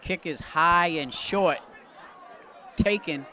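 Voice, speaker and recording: A man calling a local high school football game as play-by-play announcer from the press booth. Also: slow, a little hiss or hum. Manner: excited shouting on big plays. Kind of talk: local sports commentary. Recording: loud crowd and music behind.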